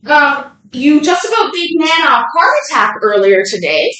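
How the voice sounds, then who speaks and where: A woman vlogging from home as she unboxes fan mail, gushing and quick to laugh. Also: sits high, very animated, fairly bright tone. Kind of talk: casual unboxing chat.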